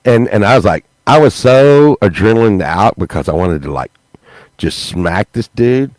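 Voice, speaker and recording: Low-voiced guy telling a wild cussing story, dry close sound. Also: normal speed, no echo, low-quality recording. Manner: profane, animated storytelling with acted quotes. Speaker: podcast host. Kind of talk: storytelling, casual chat.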